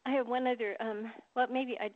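A woman's voice: a little high, steady tone, a little fast, phone-quality sound. A woman author in an interview, telling heartfelt stories with emotion and laughter. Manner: warm, emotional storytelling with laughs. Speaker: author and guest. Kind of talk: casual interview storytelling.

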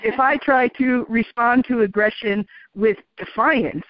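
Woman guest, relaxed storyteller, laughs easily; muffled, dry broadcast sound. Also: a little high, unhurried, no room sound. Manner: calm, animated, laughs often. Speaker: interview guest. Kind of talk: storytelling in a radio interview. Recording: dull, dry radio sound.

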